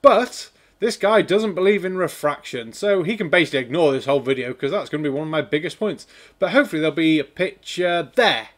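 A man's voice: on the high side, expressive, fairly quick, a bit bright. A man from Wales, hosting a sarcastic, swearing reaction commentary. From North Wales. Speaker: host.

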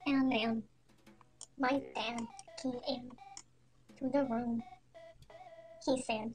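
A woman narrating a parody storytime in a quiet, deadpan, mock-serious way. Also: fairly high pitch, drawn-out words, pauses often. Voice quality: quiet, soft-spoken. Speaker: storytime animator. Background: faint music.

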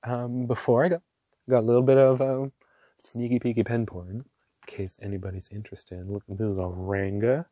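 A man gushing over ink swatches in a casual vlog, excitable and quick to laugh. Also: mid-range voice, dry recording. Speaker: ink reviewer. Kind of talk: casual show-and-tell vlog. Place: small home room.

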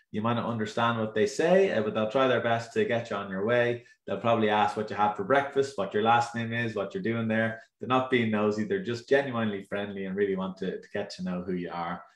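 A man's voice: on the low side, echoey room. An Irish man giving a chatty, enthusiastic talk on a live stream, with many ums and uhs. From Ireland. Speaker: tour operator representative. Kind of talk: casual presentation on a live stream.

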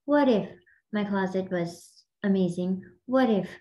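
A woman's voice: medium pitch, unhurried, dark tone, slight background noise, poor audio. A woman hosting and coaching a group on a video call, talking in a chatty, rambling way full of fillers. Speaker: host and mindset coach.

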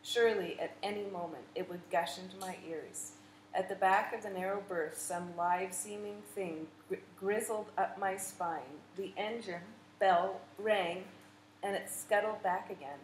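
A woman narrating a literary audiobook in a measured, vivid storytelling manner. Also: medium pitch. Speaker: audiobook reader. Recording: echoey room with faint noise.

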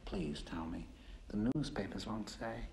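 An actor playing a cultured, menacing male psychiatrist who is a captive killer. He speaks softly and precisely and slips into whispers. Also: on the low side, measured pace, slight background noise, close to an everyday voice. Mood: cold and mocking. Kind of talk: film dialogue.

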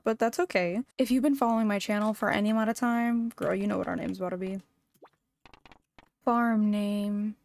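A woman's voice: medium pitch, no room sound. A young adult woman giving playful, sassy, joking commentary as she plays a farming game for the first time. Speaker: gaming YouTuber. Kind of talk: casual gameplay commentary.

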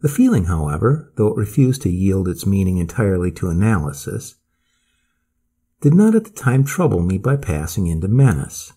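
A man narrating a classic story as an audiobook, measured and expressive, with a husky voice. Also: low-pitched.

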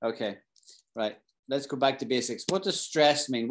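A man's voice: medium pitch, expressive. British man teaching English phrases. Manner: explains slowly, repeats key phrases, quizzes students. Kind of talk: live online English lesson.

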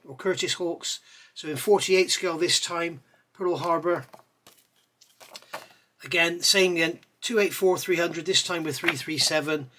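A man reviewing scale model parts in a chatty way, pausing with fillers and correcting himself as he goes. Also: a little high, pushed and bright. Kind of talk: casual product review.

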